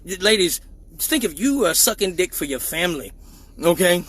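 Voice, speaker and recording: Male livestream host, high husky voice, mock-serious comic sermonizing. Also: lively intonation, moderate pace, no room sound, poor audio. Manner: joking mock-serious preaching, loud bursts of laughter. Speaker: live show host. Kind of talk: crude comedic live stream chat.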